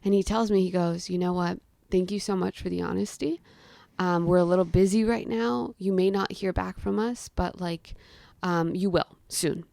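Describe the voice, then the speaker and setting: A woman's voice: fairly low pitch, steady tone, normal speed, creaky, a little mellow, dry recording. A young woman tells a story in a chatty, casual way, peppering her talk with "like". She acts out the voices of herself and others as she goes. The sound is dry and close. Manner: chatty, frequent "like" fillers. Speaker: guest storyteller.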